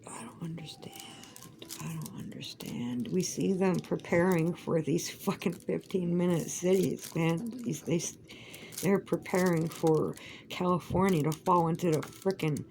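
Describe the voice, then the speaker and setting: A woman's voice: on the low side, a little mellow, slight background noise, low-quality recording. A woman chatting casually while crafting, rambling and profane, with emphatic outbursts. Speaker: vlogger.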